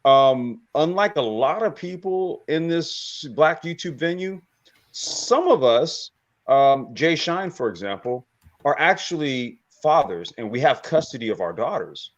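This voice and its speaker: Male panel guest, lively swooping delivery, dull lo-fi sound, swears a lot. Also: on the high side, unhurried. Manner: animated, profane, repeats himself. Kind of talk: casual panel chat. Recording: lo-fi remote audio.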